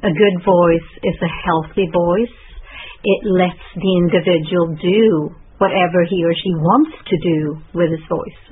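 Woman expert, low and tinny. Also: steady tone, breathy edge. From Scandinavia. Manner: deliberate, explanatory, demonstrates voices. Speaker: voice specialist guest. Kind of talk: explanatory interview. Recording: tinny lo-fi line with faint noise.

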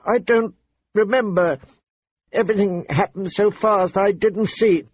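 A man's voice: high-pitched, a little slow, breathy edge, voice pushed up. A man voicing a frightened young girl who speaks hesitantly and tearfully, in a dull, faintly noisy recording.

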